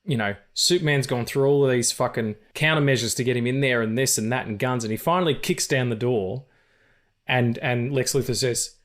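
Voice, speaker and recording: A man's voice: medium pitch, fairly quick. A man hosting a casual film podcast, talking with enthusiasm, swearing freely and acting out lines from movies. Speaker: podcast host.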